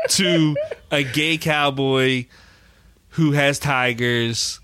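A man's voice: mid-range voice, normal speed, pushed and bright, dry recording. A man co-hosting a podcast in casual chat, recapping a show animatedly and giggling often. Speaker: podcast co-host.

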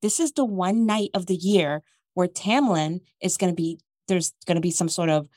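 A woman's voice: fairly low pitch, normal speed, no room sound, clean studio sound. A woman co-hosting a casual chat, recapping a story with jokes and acting out the characters' lines. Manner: animated, jokey, acts out characters' lines. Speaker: podcast co-host recapping a book.

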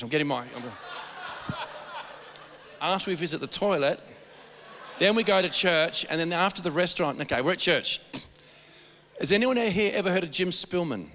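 Man preaching, rambling storyteller, high-pitched, long hall reverb. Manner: animated, rambling with restarts. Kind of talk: storytelling sermon.

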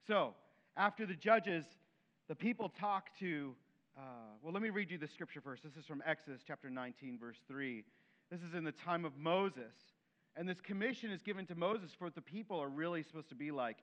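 Man preaching, voice sits high, lively storytelling, acts out the quotes, slightly muffled recording. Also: brisk. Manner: animated, acts out quoted voices, drops to soft tones. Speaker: pastor. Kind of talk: sermon.

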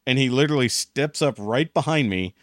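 A young man spins a workplace yarn on a podcast, swearing freely and jumping into the voices of the people he quotes. His pitch sits in the middle range. The recording is dry and close, with no room around him. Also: fairly quick, no echo. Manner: animated storyteller, swears freely, acts out quotes. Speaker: podcast co-host. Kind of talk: casual chat, storytelling.

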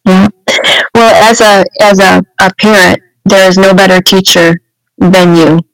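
A woman's voice: medium pitch, flat delivery, unhurried, no room sound, poor audio. A woman co-hosting a casual podcast chat, telling everyday stories with frequent restarts and "you know".

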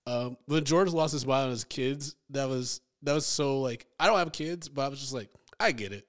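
A man's voice: medium pitch, normal speed. Jokey man co-hosting a film podcast. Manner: jokey, reads out trivia, acts out scenes. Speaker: podcast co-host. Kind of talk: casual movie-review chat.

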